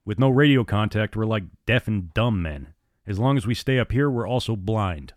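A man voicing a gruff, commanding male airline captain who speaks in curt, clipped orders. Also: on the low side, animated, moderate pace, no echo, clean studio sound, close to an everyday voice. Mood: terse.

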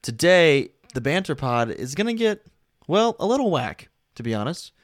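A man's voice: a little high, sing-song, normal speed, no room sound, clean studio sound. A man co-hosting a podcast in casual banter, upbeat and playful. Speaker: podcast co-host.

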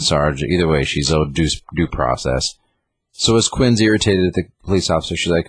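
Very deep husky man, rambling. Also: fairly even intonation, fairly quick. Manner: rambling retelling with many fillers. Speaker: comic book reviewer. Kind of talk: casual chat.

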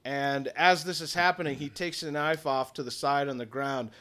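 A man's voice: a little high, steady tone, normal speed, fairly bright tone. A man acting as game master, narrating the scene of a tabletop game in a matter-of-fact, descriptive way.

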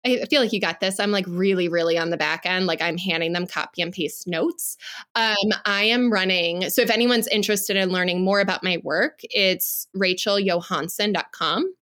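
A woman's voice: fairly low pitch, fairly bright tone. A woman in her thirties, a business coach chatting as a podcast guest in a frank, upbeat way. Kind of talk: casual interview chat.

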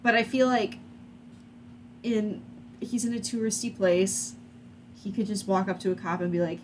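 A woman's voice: fairly low pitch, steady tone, moderate pace. Woman cohosting a movie podcast, blunt and chatty, bit of hiss in the background. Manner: blunt, chatty, swears casually. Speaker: podcast co-host. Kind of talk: casual movie review chat.

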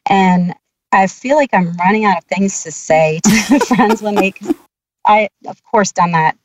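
A woman's voice: medium pitch, unhurried, slight background noise, rough recording. A woman calling in for advice, speaking earnestly and searching for her words. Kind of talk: conversation seeking advice.

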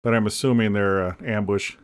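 Man podcast co-host, low-pitched, deadpan comic rambler. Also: fairly quick, clean tone. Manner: deadpan joking, rambling asides. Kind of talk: casual comedic chat.

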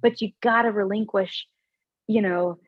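Husky-voiced woman, earnest storyteller. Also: mid-range voice, a little slow, no echo, lo-fi sound. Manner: earnest, animated, with frequent fillers and restarts. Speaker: podcast guest. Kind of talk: conversational storytelling.

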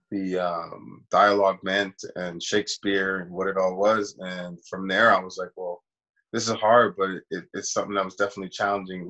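A man's voice: deep voice, fairly bright tone, dull audio. A man, an actor, casually telling a long personal story in an interview and acting out the voices of people he quotes. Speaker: actor guest.

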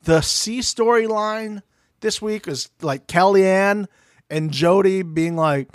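On a podcast he co-hosts, a man with a high voice takes his time recapping a reality show, casually swearing and animatedly acting out quotes. The recording is dry and studio quality.

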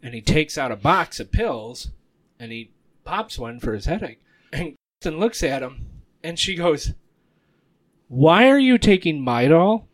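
A man in his thirties on a podcast, telling school stories casually, laughing loudly and acting out the voices. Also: on the high side, a little slow, dry recording. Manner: animated storyteller who acts out quotes and laughs loudly. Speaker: podcast co-host. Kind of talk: casual chat, storytelling.

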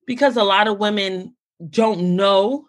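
An American woman sits in as a podcast guest and talks in lively, fast spurts. She breaks off and restarts her sentences as her thoughts race ahead, and her pitch sits in an ordinary middle range for a woman. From United States. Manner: animated, talks in quick bursts with many restarts. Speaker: podcast guest, founder of a mental health community. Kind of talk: casual conversational interview.

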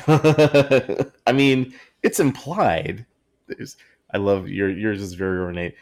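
A man's voice: fairly low pitch, slow pace. A man co-hosting a podcast in casual chat, rambling and often breaking into laughter mid-sentence. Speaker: podcast co-host.

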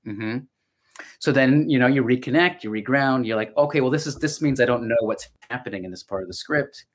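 A middle-aged voice actor, appearing as a podcast guest, talks casually in a mid-range voice at a slightly fast pace. Reflective and given to storytelling, he often restarts his sentences, and slight background noise is present.

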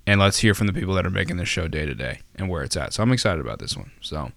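A man's voice: sits low, big pitch swings, racing, vocal fry, fairly bright tone, no echo. A man hosting a casual podcast, rambling with many fillers and restarts and tossing in jokey asides. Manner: jokey, self-deprecating asides. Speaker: podcast host.

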